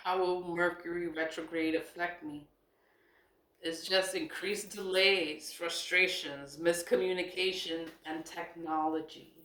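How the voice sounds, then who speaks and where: A woman's voice: on the low side, fairly even intonation, measured pace, a bit bright, reverberant. A woman chatting casually about spiritual topics, reading questions aloud and answering in a rambling way, repeating herself and laughing often. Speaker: spiritual vlogger. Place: indoor room at a laptop.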